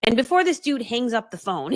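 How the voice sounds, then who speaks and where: A woman business coach telling her story live to an online audience, fast-talking and animated, acting out voices as she goes. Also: on the high side, no room sound, studio quality. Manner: laughs often mid-story.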